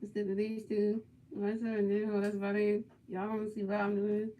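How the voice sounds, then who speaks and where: A woman's voice: medium pitch, monotone, a little fast, phone-quality sound. A woman hosting a livestream, giving amateur play-by-play commentary in eager, repetitive, rambling calls. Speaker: livestream host.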